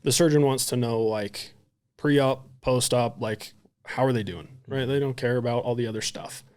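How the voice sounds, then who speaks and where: A man's voice: medium pitch, moderate pace, darkish tone, smooth. A man, a psychiatrist and podcast guest, telling stories casually and animatedly, swearing freely and acting out the dialogue. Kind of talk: casual storytelling.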